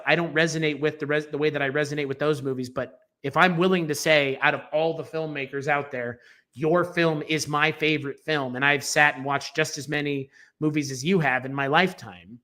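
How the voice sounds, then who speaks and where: A man's voice: fairly high pitch, fairly quick, sharp tone. A man co-hosting a film podcast, giving strong, emphatic opinions in a casual, rambling way with fillers and restarts.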